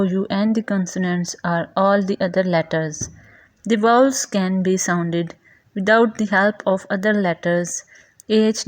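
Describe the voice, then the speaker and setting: A woman teaches grammar at an unhurried pace, reading each definition and example word carefully. Her voice sits at a middle pitch, and her delivery is measured and scripted. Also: no room sound. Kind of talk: slow scripted grammar lesson.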